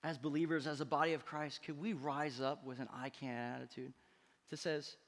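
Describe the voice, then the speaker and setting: High, bright-voiced preaching pastor man. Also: flat delivery, moderate pace, in a large hall. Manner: emphatic preaching with call-and-response questions. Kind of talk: sermon. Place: church sanctuary.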